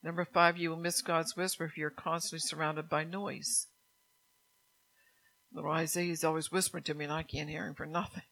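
A woman's voice: low voice, little pitch movement, fairly quick, gravelly, fairly bright tone, poor audio. A middle-aged woman preaching a sermon in church, chatty, asking the congregation questions and laughing often.

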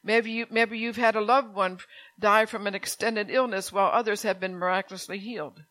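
Older woman, sermon, bright clear tone, dry close sound, conversational with heartfelt outbursts. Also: medium pitch, fairly even intonation, a little fast, dry recording. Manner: conversational, with rambling asides and impassioned voiced prayers. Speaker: preacher.

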